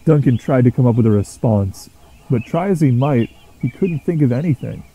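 A man narrating a children's train story in a steady storytelling manner. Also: mid-range voice, normal speed, husky, low-quality recording.

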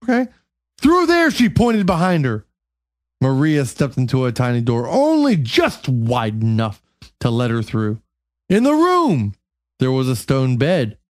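A host slowly reading a bedtime story aloud in a comic way, stumbling over words and making sarcastic asides. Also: medium pitch, wildly swooping pitch, dry recording, studio quality.

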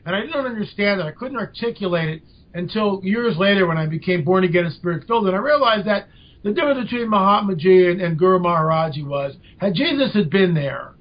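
An older man, a podcast guest, telling a story with lively emphasis. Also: high-pitched. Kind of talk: storytelling in an interview. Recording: dull lo-fi audio.

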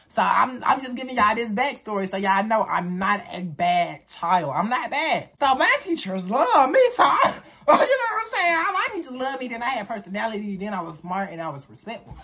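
Young male storyteller, husky voice, animated vlog delivery with loud and hushed swings. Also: high-pitched. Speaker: storyteller vlogger.

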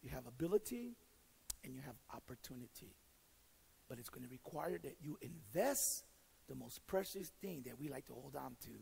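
A male pastor preaches at normal speed in an expressive, mid-range voice that's raspy, gravelly, and a little mellow, in a big room with a bit of hiss or hum on a rough recording. He combines stories and teaching, speaking directly and jokingly with self-deprecating humor, and repeats and restarts words.

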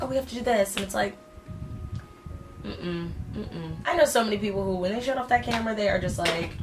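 A woman's voice: medium pitch, noisy background. A young woman chatting casually and playfully in slang while doing her makeup at home for her vlog. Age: young adult. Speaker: beauty vlogger. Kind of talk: casual get-ready-with-me chat.

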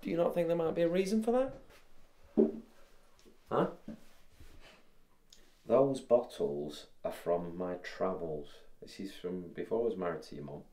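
An actor playing a wry father who talks in a hushed way late at night, in a film drama. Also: low voice, expressive, unhurried, pauses often, roomy sound.

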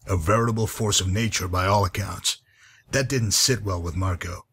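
Game NPC: man playing a husky, low-voiced, weary wasteland guide. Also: moderate pace, fairly bright tone, exaggerated voice. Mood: weary, dry. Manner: dry, weary, patient. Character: gruff grizzled male wasteland guide. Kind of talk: game character dialogue.

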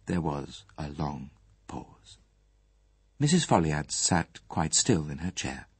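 Husky male audiobook narrator. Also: extremely low pitch, takes it slowly, no echo. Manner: calm, even storytelling. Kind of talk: scripted narration.

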